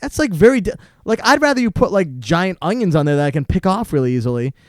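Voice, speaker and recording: High-voiced man ranting on a podcast. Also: fast, no echo, studio quality. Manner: animated, laughing rants about food. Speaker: podcast co-host. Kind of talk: casual chat.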